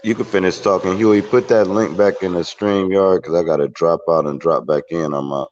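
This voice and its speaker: A very low-voiced man cuts in briskly on a livestream call, and his voice comes through a dull, muffled line. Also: fairly even intonation, a little mellow. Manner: brisk, interrupting. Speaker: livestream panelist.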